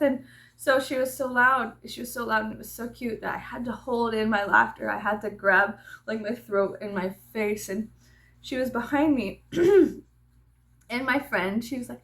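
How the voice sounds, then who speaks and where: A woman vlogger tells a story in a loose, chatty way, swearing freely and laughing as she goes. Her voice sits a little high. It has a strong gravelly fry. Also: normal speed. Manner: animated, profane, laughing asides. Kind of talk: casual storytelling chat.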